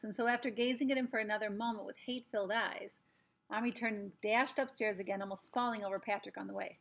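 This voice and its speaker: A woman's voice: medium pitch, fairly even intonation, fast, creaky. A woman reading a children's novel aloud, breaking off for chatty asides to young listeners. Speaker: storyteller.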